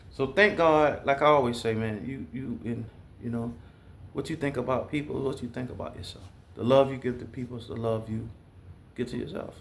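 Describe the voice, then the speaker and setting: A man's voice: medium pitch, vocal fry, a little hiss or hum. A man from Georgia, talking straight to his viewers in a blunt, profane, rambling monologue. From Southeast Georgia, US. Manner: profane, blunt, animated storytelling. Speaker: vlogger.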